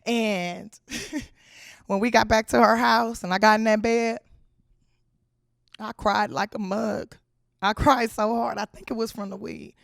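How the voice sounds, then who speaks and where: A woman comedian from Los Angeles telling a comic story from her own life in slangy, animated speech. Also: fairly high pitch, unhurried, vocal fry, long pauses, no echo, studio quality. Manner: animated, slangy, acts out the people in her stories.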